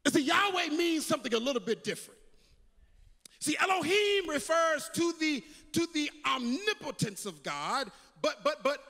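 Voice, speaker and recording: A man preaching a sermon as pastor, repeating words as he builds and swinging from loud calls to hushed quotes. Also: very high voice, very animated, normal speed, vocal fry, big-room sound.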